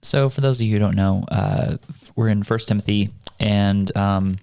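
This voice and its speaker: A man hosting a casual church podcast, thinking aloud and pausing with fillers as he explains a Bible passage. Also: on the low side, vocal fry, darkish tone, smooth, no echo, clean studio sound. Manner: thoughtful, halting with fillers. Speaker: podcast host. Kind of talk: casual Bible study chat.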